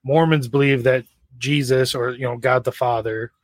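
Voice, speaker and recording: A man co-hosting a casual podcast chat, telling dry, deadpan jokes between his stories. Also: mid-range voice, normal speed, no room sound. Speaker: podcast co-host.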